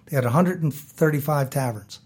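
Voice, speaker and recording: A middle-aged American man from Baltimore, telling a lively story as an interview guest and acting out the people he quotes. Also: a little high, a little fast, slightly rough. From South Baltimore, USA. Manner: animated storyteller who acts out quoted voices.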